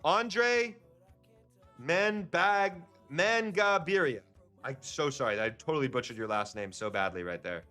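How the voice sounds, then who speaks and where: A man's voice: fairly low pitch, lively intonation, fast, hardly any pauses, a bit bright, smooth, faint music behind. A man hosting a casual trading livestream, talking upbeat and chatty to his viewers.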